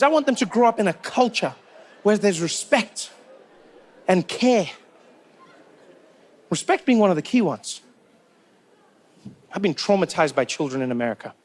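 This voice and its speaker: High-voiced South African comedian. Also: male voice, moderate pace, pauses often. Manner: animated storytelling with repetition. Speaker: stand-up comedian. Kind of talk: stand-up comedy set.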